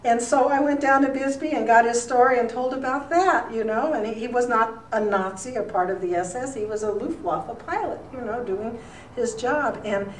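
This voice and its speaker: A woman's voice: on the high side, moderate pace. An older woman talking as a retired newspaper columnist in an interview, telling rambling stories with plenty of fillers. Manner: rambling, warm anecdotes with many fillers. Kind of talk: relaxed storytelling in an interview. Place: school room. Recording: roomy, distant mic with faint noise.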